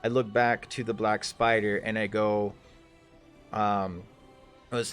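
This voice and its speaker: A man's voice: on the low side, level tone, takes it slowly, pauses often, clear, resonant tone, soft background music. A man narrating a tabletop game as game master, talking casually with many fillers and swearing.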